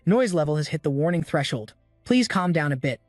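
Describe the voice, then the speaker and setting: A man voicing a rule-enforcing temple guard machine, giving flat, mechanical warnings. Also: fairly high pitch, a little fast, dry recording, clean studio sound, faint music behind, lightly acted. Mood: stern.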